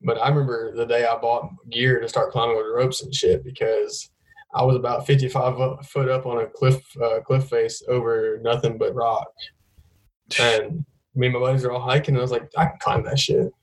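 A man's voice: mid-range voice, little pitch movement, normal speed, rough recording. A young man in casual chat, telling rambling stories laced with swearing. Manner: rambling, profane storytelling.

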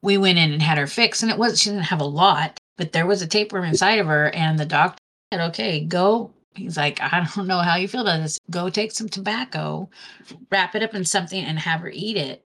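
Low-voiced woman telling a rambling story. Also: brisk, a bit bright. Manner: rambling storyteller who acts out quoted dialogue. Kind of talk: casual conversation.

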